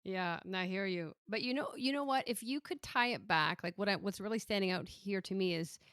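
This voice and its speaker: A woman's voice: medium pitch, a little fast, fairly bright tone, no echo, clean studio sound. A woman hosting an interview, thoughtful and affirming, asking follow-up questions and murmuring agreement. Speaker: podcast host. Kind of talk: conversational interview.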